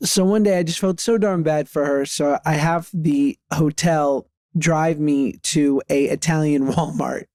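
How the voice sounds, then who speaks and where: A man's voice: on the high side, steady tone, measured pace, few pauses, a little mellow, no room sound, studio quality. A man in his thirties telling casual anecdotes on a podcast, often laughing through his stories. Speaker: podcast co-host. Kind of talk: casual chat.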